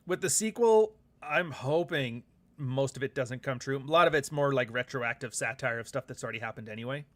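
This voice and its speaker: Man, livestream host, rambling, profane, casual chat, mid-pitched voice. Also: brisk, fairly bright tone. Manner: rambling and profane, with frequent laughs; reads viewer comments aloud.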